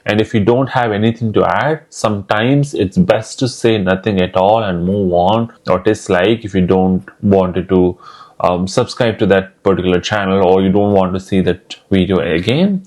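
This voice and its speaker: A man's voice: fairly low pitch, a little mellow. A man from India, giving earnest advice straight to camera in a vlog. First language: Telugu. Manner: earnest, urging. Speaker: vlogger.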